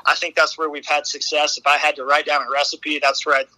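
A man with a Midwestern American accent, working as a girls basketball coach, talks casually in a podcast interview. His voice is very bright and a touch high for a man, and it is recorded close and dry. He is earnest and keeps circling back with restarts and "I think.". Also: level tone, fast talker, no room sound, low-quality recording.

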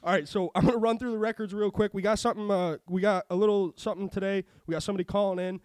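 Male podcast host, high voice, profane and animated, dry booth. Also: very fast, no echo. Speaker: sports betting podcast host. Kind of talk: casual chat.

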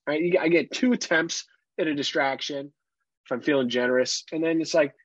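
A man's voice: a little high, fairly quick, no echo, muffled recording. A man in his thirties co-hosting a podcast in casual chat, profane and rambling, often laughing. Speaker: podcast co-host.

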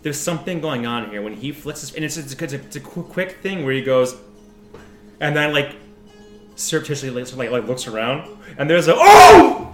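A man narrating as game master in an animated, rambling way. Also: mid-range voice, brisk, roomy sound, soft background music. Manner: animated, rambling, with frequent laughs and restarts.

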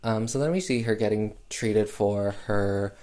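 A man with a lowish voice walks through a movie plot at an unhurried, drawling pace. He peppers it with filler words and dry, sarcastic asides. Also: warm tone. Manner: sarcastic, filler-heavy with lots of "um" and "like". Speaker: film recap host. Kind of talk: casual film recap.

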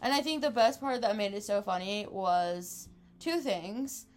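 A woman's voice: medium pitch, unhurried. A woman in her twenties telling a wild story in casual chat, laughing often and acting out what people said. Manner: animated, laughing, acts out quotes. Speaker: podcast co-host.

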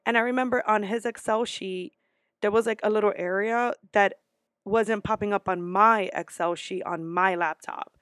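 A woman's voice: medium pitch, steady tone, normal speed, fairly bright tone, no echo. A young woman college student vlogging casually, telling stories bluntly and swearing freely. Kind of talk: casual vlog rant.

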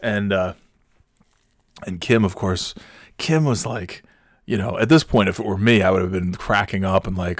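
A man's voice: low-pitched, steady tone, moderate pace, no echo, clean studio sound. A man hosting a podcast, telling a story in a laid-back, rambling way. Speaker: podcast host. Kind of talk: casual storytelling.

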